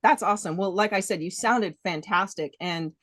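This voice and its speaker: A woman's voice: medium pitch, normal speed, fairly bright tone, no room sound. A woman author interviewing a narrator, friendly and complimentary, who laughs easily. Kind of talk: casual interview chat.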